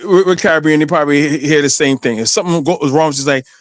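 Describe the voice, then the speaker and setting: A man speaking as a panelist in a loose discussion. His pitch sits a little high for a man, and he tells stories animatedly, restarting his sentences often. The sound is dry and close. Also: quick pace, no room sound. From Guyana. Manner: animated storytelling with many restarts.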